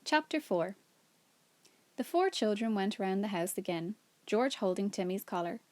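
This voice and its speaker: A teacher reading a children's book aloud in clear, even storytelling. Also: female voice, mid-range voice, normal speed, no room sound.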